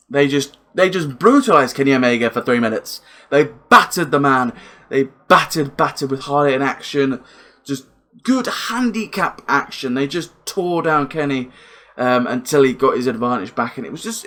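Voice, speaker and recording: A young man reviewing a wrestling event in a casual, excitable, rambling way, swearing freely and repeating himself. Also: a little high.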